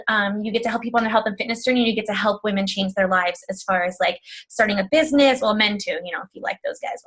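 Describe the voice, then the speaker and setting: Speaking at a medium pitch with a somewhat bright quality, a woman gives a personal testimony about her work as a fitness coach over a video call. Her telling is talkative and full of feeling, with frequent quotes of herself and others, and she tears up now and then.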